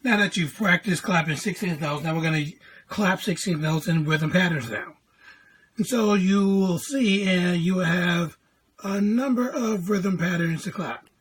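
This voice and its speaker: A woman's voice: lowish voice, measured pace, slightly rough. A woman teaching a music lesson, patiently explaining note values and counting in before chanting syllables. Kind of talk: classroom lesson video.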